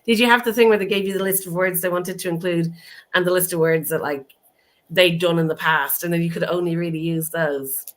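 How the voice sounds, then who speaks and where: A woman's voice: fairly low pitch, steady tone, fairly quick. A woman guest in a casual chat who tells an anecdote full of fillers like "um" and "like". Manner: storytelling with many fillers. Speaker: guest, author. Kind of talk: casual chat on a video call.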